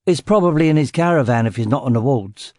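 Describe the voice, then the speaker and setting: A man's voice: medium pitch, animated, fast, darkish tone, no room sound, clean studio sound, natural voice. A man voicing a chatty ex-military gate guard with a Cockney accent. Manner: chatty, blustering.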